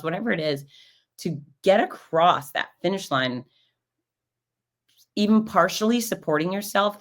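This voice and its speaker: A woman hosting a show, telling stories in a casual, animated way and acting out the voices of the people in them. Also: low voice. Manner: animated, acts out quoted voices. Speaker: podcast host and race announcer. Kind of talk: casual storytelling recap.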